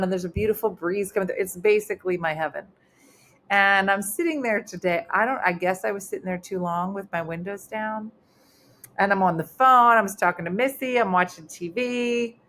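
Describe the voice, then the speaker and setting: A woman's voice: medium pitch, a bit bright, slight background noise. A middle-aged woman, a comedian hosting a casual online chat show, telling stories with lots of fillers. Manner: chatty storyteller with many fillers. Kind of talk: casual live-stream chat.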